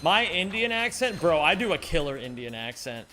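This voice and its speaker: A male streamer with a fairly high, bright, forceful voice that swings up and down constantly as he jokes with his chat. He swears casually and keeps the banter light. Faint game music plays underneath. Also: normal speed. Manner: animated, joking, swears casually. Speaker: speedrun streamer. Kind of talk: live-stream chat while gaming.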